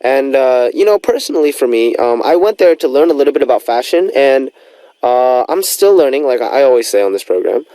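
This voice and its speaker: A man's voice: mid-range voice, animated, brisk, warm tone, dry recording. A young man hosting a radio show in a studio, chatting casually and rambling with lots of fillers.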